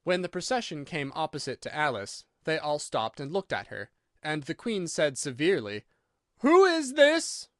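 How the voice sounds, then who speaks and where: A man reading a classic storybook aloud as an expressive audiobook narrator. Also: fairly high pitch, normal speed, dry recording, studio quality. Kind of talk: scripted narration.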